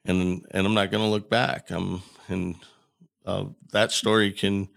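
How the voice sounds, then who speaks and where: Gravelly-voiced man telling a story. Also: sits low, a little slow. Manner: animated storyteller, acts out quoted dialogue. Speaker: podcast guest. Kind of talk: casual storytelling.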